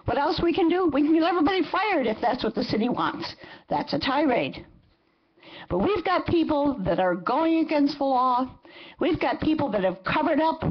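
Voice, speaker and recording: The audio is dull, carrying the high-pitched voice of a woman in her seventies speaking passionately during public comment at a council meeting. Indignant and forceful, she hammers each point through repetition.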